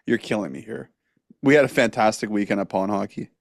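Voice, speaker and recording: A man's voice: on the low side, fairly quick, creaky, dry recording, clean studio sound. A man co-hosting a casual sports podcast, rambling and laughing, swearing now and then. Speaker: podcast co-host.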